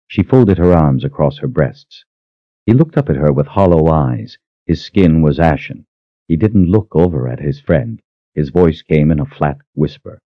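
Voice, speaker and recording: A man with a very low voice narrates an audiobook at a steady, even pace. The recording is dry and a little dull. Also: measured pace, no echo.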